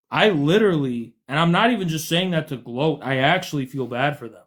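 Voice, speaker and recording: Male streamer from the US, combative and mocking, voice sits a bit high; heated live call-in argument. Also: fairly bright tone. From United States. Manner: combative, mocking, talks over callers. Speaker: livestream host.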